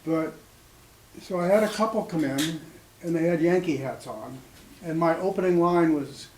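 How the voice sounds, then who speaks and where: A man in his sixties telling personal stories to a small audience, in a halting, conversational way full of ums and restarts. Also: fairly high pitch, darkish tone, a little hiss or hum. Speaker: storyteller at an open mic. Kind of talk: spoken storytelling to a small audience. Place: small cafe gathering room. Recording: echoey room with faint ambience.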